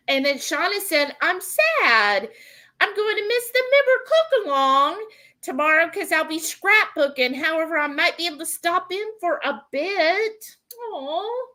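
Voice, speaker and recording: A woman's voice: very high-pitched, big pitch swings, measured pace, pushed and bright. A woman hosting a casual live cooking stream from her home kitchen, chatting and reading viewer comments aloud. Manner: chatty, reads out and answers chat messages.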